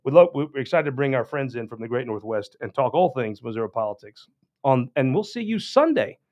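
A man's voice: medium pitch, brisk, lo-fi sound. A man hosting a political show, giving a casual, rambling and folksy announcement with many restarts.

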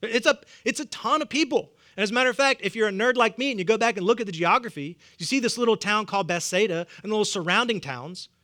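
A man's voice: sits high, fast, hardly any pauses, sharp tone. A man with a Southern US accent preaching a sermon, humorous and conversational, chuckling often. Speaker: pastor.

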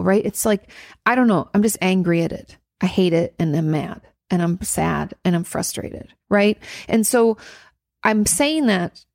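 A woman's voice: on the low side, creaky, darkish tone, dry recording, studio quality. A woman therapist answering a viewer's question in a candid, rambling way, often restarting her sentences.

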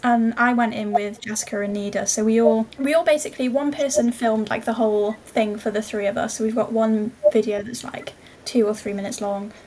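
A woman's voice: fairly high pitch, steady tone, a little fast, few pauses, a little mellow, slight background noise. A young woman co-hosting a podcast, chatting in an easygoing, rambling way. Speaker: podcast co-host. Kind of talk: casual chat.

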